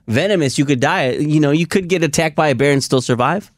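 A man in a casual chat, chiming in with quick comments. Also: fairly high pitch, no room sound, clean studio sound.

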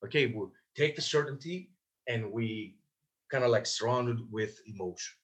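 A man on a podcast as a guest sales trainer, talking in an emphatic, animated way full of "like" and "you know" fillers, and acting out sales calls. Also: mid-range voice, normal speed. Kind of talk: casual coaching talk.

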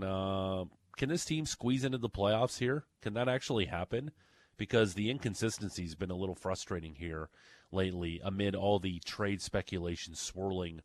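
Low-voiced sports radio host. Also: male voice, fairly bright tone, dry recording. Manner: upbeat, plugs segments. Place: radio studio.

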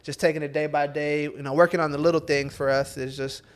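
A man who is a guest on a podcast, answering in casual chat with many fillers. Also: fairly high pitch. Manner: quick, even, many fillers. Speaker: podcast guest, esports player.

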